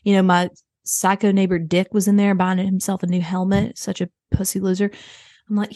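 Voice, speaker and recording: A woman's voice: medium pitch, little pitch movement, normal speed, dark tone. Rambling, gossipy woman comic storyteller. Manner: rambling, gossipy, mocking storyteller who mimics others. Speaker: comedic host telling a story. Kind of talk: improvised comedy chat.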